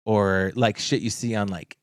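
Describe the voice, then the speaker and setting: A man's voice: on the low side, fairly even intonation, moderate pace, dry recording. A man co-hosting a podcast, telling a swear-laden story in casual chat and laughing as he talks. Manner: profane, storytelling, laughs often. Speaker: podcast co-host.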